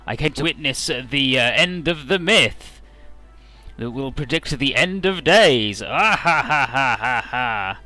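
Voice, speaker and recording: A man's voice: medium pitch, lively intonation, measured pace, sharp tone, faint music behind. A man doing a cackling, gloating villain, half man and half woman. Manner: cackling, theatrical.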